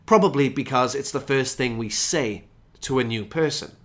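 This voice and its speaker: A man hosting a podcast lesson for English learners, explaining phrases and slowing down to stress key ones. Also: mid-range voice, a bit bright. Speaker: English teacher and podcast host.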